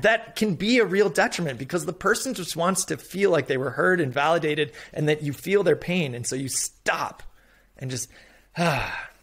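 A man's voice: fairly high pitch, a bit bright. A middle-aged man speaking as an investor guest in a casual interview, candid and profane, acting out little quotes with the occasional sigh.

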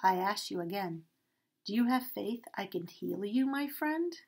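A woman voicing a calm, loving, wise man who speaks softly and gently. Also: fairly high pitch, normal speed, lightly acted. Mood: tender.

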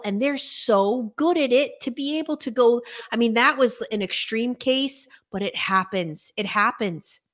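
A woman hosting a casual conversation as a coach, animated and quick to laugh, often repeating words. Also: a little high. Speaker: podcast host and coach.

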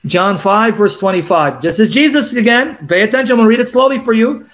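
A man hosting a call-in show, emphatically explaining scripture, repeating references and reading verses slowly. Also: very high-pitched.

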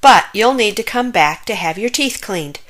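A woman's voice: mid-range voice, animated, normal speed, fairly bright tone, close to an everyday voice. A woman voicing a kindly, joking male hippo dentist in a storybook reading. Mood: jolly.

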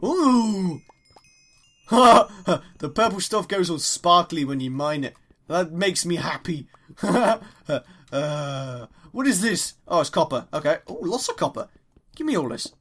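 A young man with an English accent giving chatty, excitable let's play commentary as he mines, exclaiming at each new find. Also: on the high side, takes it slowly. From England. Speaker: gaming YouTuber.

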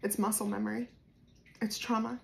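A woman with a New Jersey accent giving a casual, spontaneous tarot reading to camera, swinging between soft musing and loud bursts. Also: mid-range voice, level tone, normal speed, creaky, a little hiss or hum. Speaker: tarot reader.

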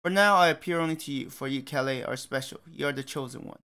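A man's voice: mid-range voice, fast talker, pushed and bright, smooth, lightly acted. A man voicing a commanding, condescending male god who speaks in a grand, lofty way.

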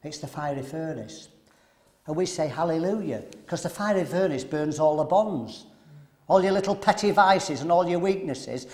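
A man preaching at a men's seminar, animated and throwing rhetorical questions to the audience. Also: a little high.

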